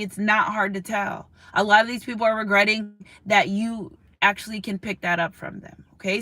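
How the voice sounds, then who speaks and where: Bright-voiced, emotional woman tarot reader. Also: a little high, no echo. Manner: emotional and passionate, addresses viewers directly; repeats words, asks "okay?". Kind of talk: spiritual tarot reading to viewers.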